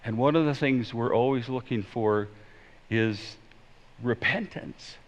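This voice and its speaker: Man, pastor, sermon, emphatic to hushed, muffled lo-fi sound, long hall reverb. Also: medium pitch, takes it slowly. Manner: emphatic, swinging from loud to hushed.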